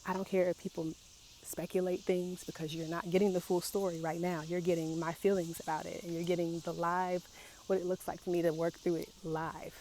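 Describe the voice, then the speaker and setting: A woman's voice: lowish voice, level tone, warm tone, slight background noise. Emotional woman in a raw confessional vlog. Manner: emotional, halting, repeats herself. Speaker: vlogger.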